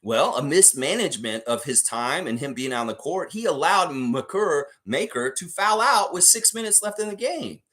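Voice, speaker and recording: A man's voice: fairly high pitch, expressive, moderate pace, few pauses, a bit bright. A man hosting a livestream sports show, ranting heatedly and profanely at a coach with pointed rhetorical questions. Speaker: sports channel host. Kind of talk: livestream sports commentary rant.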